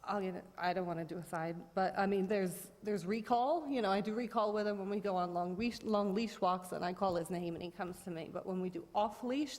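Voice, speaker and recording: A woman speaks at a town board hearing, rambling through her account with constant fillers and restarts. Her voice sits at an average pitch for a woman. The room gives it a long, hall-like reverb. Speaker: dog owner at a public hearing. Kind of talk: informal testimony.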